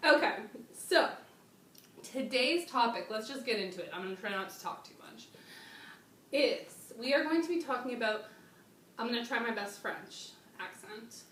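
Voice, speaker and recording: Slangy excitable woman host in echoey room. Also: a little high, normal speed, far from the mic. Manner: slangy and excitable, trails off and restarts. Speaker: channel host. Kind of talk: casual chat with a guest. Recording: echoey room, off-mic, faint noise.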